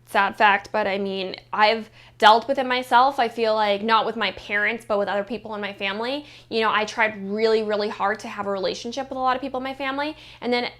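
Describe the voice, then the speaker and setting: Sassy, profane woman with a bright voice. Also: medium pitch, steady tone, a little fast, hardly any pauses. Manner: blunt and profane, heavy use of "like"; sassy, mocking commentary. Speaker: reality-show recap vlogger. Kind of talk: casual reality-show review monologue.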